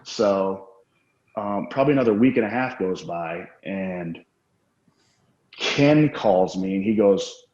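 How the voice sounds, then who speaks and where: Guy with a lowish voice rambling thru swear-heavy stories, roomy muffled audio. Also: expressive, slow, a little mellow. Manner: candid, profane, rambling anecdotes. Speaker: interview guest. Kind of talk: casual storytelling interview. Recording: roomy, dull lo-fi sound.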